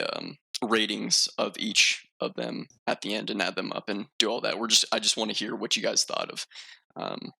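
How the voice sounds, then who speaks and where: A man's voice: fairly low pitch, gravelly, bright, forceful tone. A man hosting a casual podcast chat, rambling and self-mocking with lots of filler words. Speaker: podcast host.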